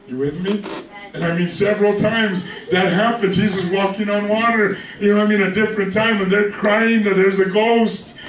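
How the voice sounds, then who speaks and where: Male pastor with a high voice, casual humorous preaching, recorded far off in an echoey church with the congregation audible. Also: fairly even intonation, normal speed, background noise. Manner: conversational, joking, keeps asking "you with me?". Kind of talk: sermon.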